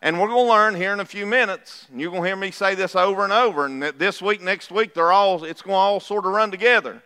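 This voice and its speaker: A middle-aged pastor with a high, bright, forceful, clean-toned voice preaches quickly to his church in a church sanctuary. His style is folksy and conversational, and he puts questions to the congregation as he goes. The recording has the reverb of a church hall.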